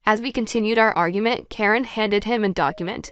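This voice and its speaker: A woman reading a first-person story aloud as narrator, in a plain, steady way. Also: medium pitch, normal speed, hardly any pauses, soft background music.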